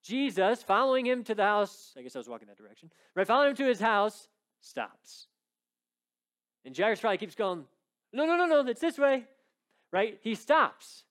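A man's voice: sits high, sing-song, normal speed, fairly bright tone. A man preaching a sermon, telling a story with conversational asides and acted-out quotes. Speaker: pastor.

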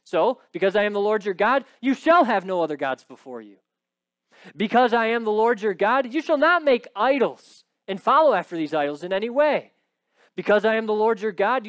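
Male pastor, high voice, emphatic sermon delivery, dry close recording. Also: dry recording. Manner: emphatic preaching with frequent "right?" asides.

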